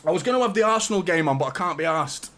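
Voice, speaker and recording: Racing along in a high-pitched, expressive, pushed and bright voice, a young man hosts a live football watchalong for his fan channel. He chats loosely, swears heavily and reads out super chats from viewers.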